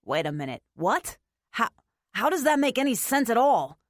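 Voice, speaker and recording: A woman's voice: a little high, very animated, normal speed, no room sound, studio quality. A woman voicing an awkward, earnest young man in an audiobook, sounding flustered and guarded. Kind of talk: audiobook character voice.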